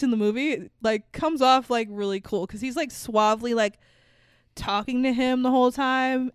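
A woman co-hosts a casual podcast chat, animated and quick to laugh and swear. Her voice is high and smooth. It is close-miked and dry. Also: no echo. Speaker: podcast co-host.

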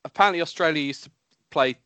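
A man's voice: on the high side, fast, pushed and bright, clean tone. A man, the show's usual host, telling a joke story in a laid-back, chuckling way. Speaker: podcast panelist, usual host. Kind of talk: casual podcast anecdote.

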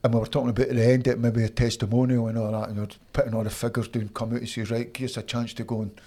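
A Scottish man in his fifties, a former footballer, telling lively anecdotes in a casual interview and acting out the people he quotes. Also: mid-range voice, very fast. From Scotland. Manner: animated anecdotes, acts out quoted voices.

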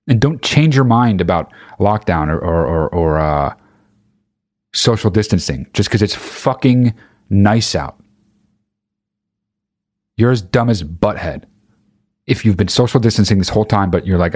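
A man's voice: lowish voice, lively intonation, normal speed, long pauses, darkish tone, no room sound, studio quality. A man delivering an exasperated, profane comedic rant, swearing constantly and speeding up as he gets angrier.

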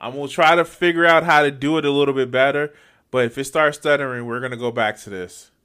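Male streamer, mid-pitched, talks back at a clip in disbelief, stumbles over his words. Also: fairly even intonation, quick pace, fairly bright tone, clear, resonant tone. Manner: incredulous, swears, stammers and restarts. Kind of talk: live reaction commentary.

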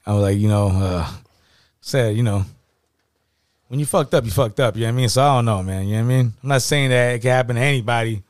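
Homme au débit rapide, argot cru. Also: male voice, mid-range voice, dry recording, clean studio sound. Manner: quick, slangy, profane. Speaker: podcast co-host. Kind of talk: casual podcast chat.

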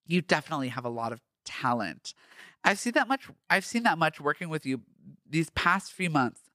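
A man reading the lines of a young male actor from his own fan fiction, gently exasperated. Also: a little high, sing-song, moderate pace, no echo, clean studio sound.

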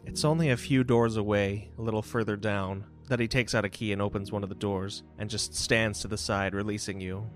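A man's voice: on the low side, steady tone, brisk, few pauses. Man, game master, second-person narration, music bed.

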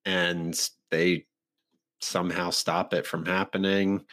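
A man with a fairly low voice recaps a film's plot in a casual podcast chat. He rambles from point to point and leans on ums and likes. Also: little pitch movement, slow pace, fairly bright tone. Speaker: podcast co-host. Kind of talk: casual movie review chat.

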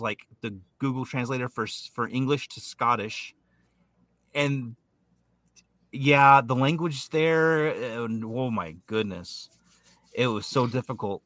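A man's voice: mid-range voice, a little slow, fairly bright tone, no echo. A man co-hosting a podcast chat who jokes around and restarts his sentences often. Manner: joking, chatty, trips over his words. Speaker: podcast co-host. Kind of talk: casual chat.

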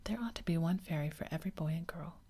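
A woman's voice: low-pitched, fast, dark tone. A woman whispering the part of a cheerful, boastful boy who never wants to grow up, in a whispered role-play. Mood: eager. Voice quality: breathy whisper. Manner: eager, boyish, carefree.

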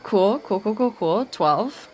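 A woman playing a tabletop game, asking quick playful questions. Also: medium pitch, lively intonation, a little mellow, slight background noise, low-quality recording. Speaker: player.

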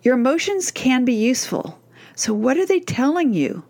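Woman, parenting coach, soft reassuring delivery, scripted advice to mothers. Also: high-pitched, sing-song, moderate pace. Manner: gentle, reassuring, speaks directly to moms.

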